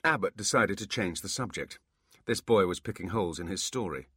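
A man narrating a fantasy audiobook with expressive, scripted storytelling on a close mic. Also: deep voice, a little fast, slightly rough, dry recording.

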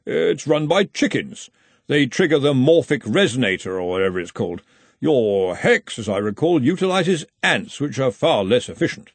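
A smug, genteel rival wizard who sounds breezily pleased with himself, as a man voices him for a storybook. His voice sits high and lilts, and it has a slightly husky grain. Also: very animated, moderate pace, no echo. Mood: smooth. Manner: blithe, genteel, self-satisfied. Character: smooth, cheerful, smug rival male wizard.

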